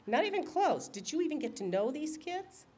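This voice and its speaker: A woman reading aloud, voicing a sharp-tongued, out-of-work art teacher who answers with quick, sarcastic retorts. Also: high voice, big pitch swings, slight background noise, voice pushed up. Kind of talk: audiobook reading.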